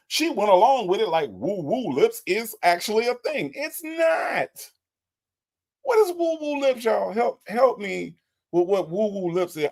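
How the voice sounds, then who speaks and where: A man's voice: a little high, darkish tone. A man hosting a live stream, reviewing a recorded call and talking to his chat in an incredulous, repetitive way. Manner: exasperated, incredulous, repeats questions to the chat.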